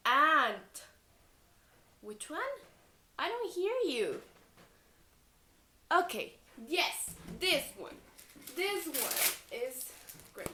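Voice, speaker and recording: Woman teacher, slow and bright. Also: high-pitched. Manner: slow, repeating sounds for children to echo; switches between English and Spanish. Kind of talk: phonics lesson for young children.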